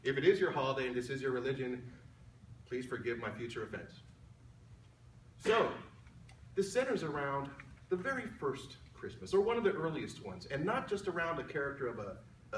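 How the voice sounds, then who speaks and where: A man telling a humorous tall tale as a speech contestant, switching between soft asides and loud lines. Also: a little high. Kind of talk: storytelling speech. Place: large room at a company event. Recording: echoey room, mic far off, faint background hum.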